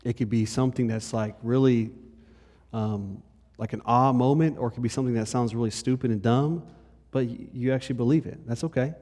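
A male pastor giving a conversational sermon. He moves between lively and hushed delivery and speaks straight to the congregation. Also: medium pitch, brisk. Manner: conversational preaching, shifts between animated and hushed. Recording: long hall reverb.

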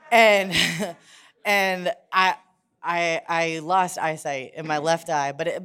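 Woman preaching. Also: lowish voice. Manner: personal, conversational storytelling with restarts. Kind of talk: sermon.

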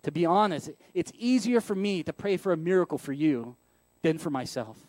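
A pastor with a high voice delivers his sermon in a conversational, self-deprecating way and leans on rhetorical questions. The sound is dry and close. He stays candid throughout. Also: moderate pace, a little mellow, no room sound.

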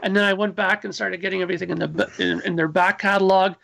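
A man in his forties or older, a musician guest, telling animated stories in casual chat and acting out his own past lines. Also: sits high, fast talker, creaky, a little hiss or hum.

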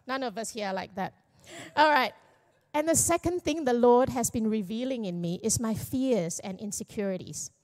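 A middle-aged woman pastor with a somewhat high voice shares a personal testimony from the church stage. She speaks candidly and pokes fun at herself, slipping jokes into a heartfelt sermon. Her tone stays conversational and unpolished. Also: lively intonation, unhurried, pauses often, a little mellow. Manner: candid, self-deprecating and joking. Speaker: young adults pastor.

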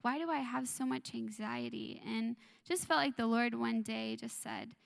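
A young woman in her twenties gives a church testimony in a soft, earnest voice, pausing often with ums. Her tone sits a little high, with a gravelly fry running through it. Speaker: worship leader sharing a testimony.

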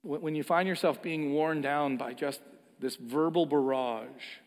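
A man preaching a sermon as pastor, emphatic, swinging between soft and loud, often repeating his words. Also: fairly high pitch, steady tone, unhurried, long reverb tail.

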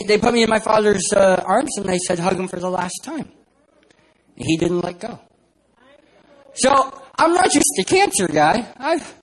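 A man from San Diego preaches at a church, turning a story into a self-deprecating joke. His voice sits high for a man and has a husky, breathy grain. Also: low-quality recording. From San Diego, California. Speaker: guest preacher. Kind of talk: humorous sermon storytelling.

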